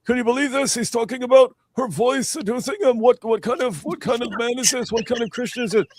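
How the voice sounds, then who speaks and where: A man's voice: fast, slight background noise. A man doing a mocking impression of an indignant male debater, exaggerated outrage in a raised voice. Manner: high-pitched, exaggerated mock outrage.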